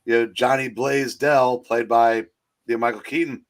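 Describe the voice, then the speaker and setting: A man co-hosting a casual movie chat over a streaming call mic. He rambles and halts, restarting his sentences over and over. His voice sits at an ordinary middle pitch. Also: fairly even intonation. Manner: rambling, halting, with many restarts. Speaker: co-host of a movie talk stream.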